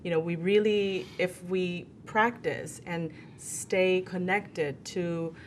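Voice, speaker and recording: A woman on a talk show panel, sharing her own experience in a reflective way and pausing to search for words. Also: fairly low pitch, fairly even intonation, a little hiss or hum.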